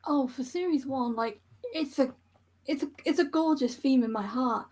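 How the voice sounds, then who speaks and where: A woman guest in a casual chat, quick and playful in her remarks. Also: sits high, a little mellow.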